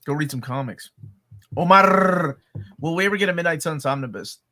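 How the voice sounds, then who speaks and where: Chatty guy co-hosting a live q&a, bright tense voice, kinda high, laughs a lot. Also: lively intonation, moderate pace. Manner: joking, chatty, laughs often. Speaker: co-host. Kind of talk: live Q&A chat.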